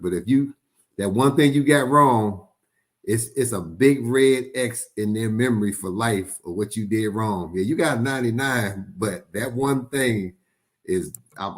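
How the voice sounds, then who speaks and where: A man, a guest pastor, talking casually about marriage, often restarting words and acting out little quotes. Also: lowish voice. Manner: animated, repeats words, acts out quotes.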